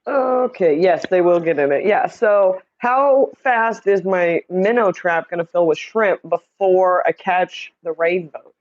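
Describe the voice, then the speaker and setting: On her casual livestream, a chatty woman from Indiana reads comments aloud and addresses viewers by name. Her lowish voice has a darkish tone, and she keeps a measured pace with hardly any pauses. Her streaming setup mic produces audio with the highs cut off.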